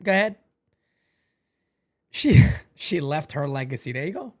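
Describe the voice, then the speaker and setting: Animated man calling a game live. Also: measured pace, long pauses. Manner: animated, jumps into high excited calls then drops low and quiet. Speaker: live stream host calling a baseball game. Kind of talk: casual live-stream play-by-play and chat.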